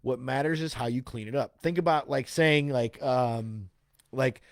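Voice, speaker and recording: A man at a medium pitch talks through self-help advice in a loose, conversational way, full of "like" and quick "right?" check-ins. The sound is dry and close, with no room around it. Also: no room sound. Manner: explains with frequent "right?" and "okay?" check-ins; casual, loose phrasing with restarts and "like".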